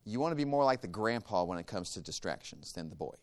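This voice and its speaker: A man teaching a church group a guided meditation practice, calm and measured, giving step-by-step instructions. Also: lowish voice, smooth.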